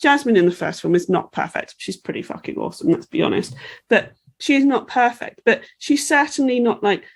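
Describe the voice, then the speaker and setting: A woman rants through a casual podcast chat, swearing freely and breaking into mocking impressions. Her voice sits fairly high. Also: expressive, fairly quick, vocal fry. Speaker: podcast co-host.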